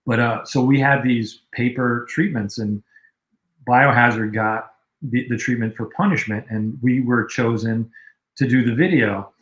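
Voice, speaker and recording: A man in casual conversation, recounting old stories in a relaxed, rambling way, with fillers. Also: medium pitch, measured pace. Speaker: guest, music video director. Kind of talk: casual storytelling on a livestream. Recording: roomy echo.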